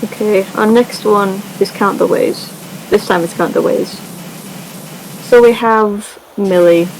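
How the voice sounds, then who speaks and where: A woman's voice: mid-range voice, a little slow, a little mellow, soft background music, poor audio. Chatty woman rambling through a story recap. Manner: chatty, rambling, many fillers and giggles. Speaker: gaming video creator. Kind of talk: casual story recap over gameplay.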